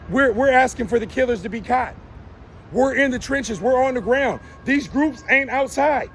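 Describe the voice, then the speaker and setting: High-pitched fiery man ranting outdoors. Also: moderate pace, fairly bright tone, a little hiss or hum. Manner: fiery, confrontational, calls people out by name. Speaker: show host. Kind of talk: live street rant. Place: outdoors on a downtown city street.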